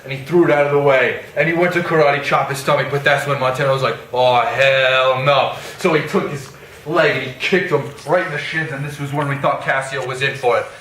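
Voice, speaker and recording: A man's voice: mid-range voice, steady tone, fast talker, fairly bright tone, slight background noise, close to an everyday voice. A man playing Othello as a casual, rambling modern guy in a parody skit, telling his story with slang. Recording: echoey room, mic at a distance.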